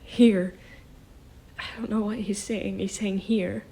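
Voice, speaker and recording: A shaken, emotional woman speaking haltingly as a psychic, often dropping into a whisper. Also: mid-range voice, little pitch movement, creaky, mellow, slight background noise. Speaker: self-described psychic vlogger. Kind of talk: emotional spoken channeling.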